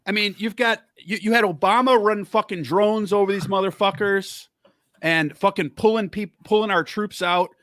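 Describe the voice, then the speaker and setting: A man's voice: high voice, moderate pace, fairly bright tone, no room sound, clean studio sound. A man hosting a podcast, angrily ranting about politics and swearing heavily. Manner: angry, heavy swearing, worked up. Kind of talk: profane political rant.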